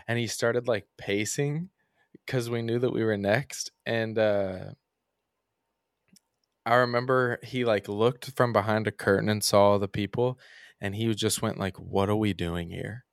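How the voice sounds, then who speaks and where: A man's voice: fairly low pitch, steady tone, unhurried, dry recording. Young man, a musician guest telling rambling stories over a dry close mic in a podcast. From Kentucky. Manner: rambling, frequent "like" and "um" fillers. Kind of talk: casual podcast storytelling.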